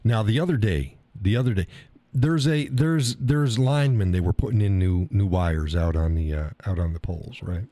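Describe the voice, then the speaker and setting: A middle-aged man from the States tells a story as a casual, profane rant, stumbling over repeated words and mimicking the people in it. His voice sits fairly low and sounds dark and mellow. The mic is close and dry. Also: moderate pace, no room sound. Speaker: live stream host.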